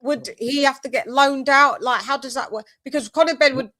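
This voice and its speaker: A woman hosting a loose chat show with a fairly high voice. She talks bluntly and swears freely. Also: a little fast, a bit bright. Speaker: host. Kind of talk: casual podcast chat.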